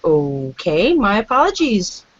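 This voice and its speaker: A woman's voice: medium pitch, wildly swooping pitch, measured pace, dry recording, faint music behind. A woman speaking in character as a tabletop game player, defensive and playing innocent. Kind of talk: in-character tabletop role-play. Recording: dull dry lo-fi audio.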